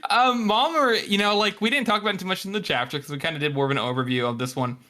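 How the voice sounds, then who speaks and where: A man co-hosting a book podcast, telling animated stories and swearing freely. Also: high-pitched, fast talker. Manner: profane, animated storytelling. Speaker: podcast co-host. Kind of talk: casual book discussion.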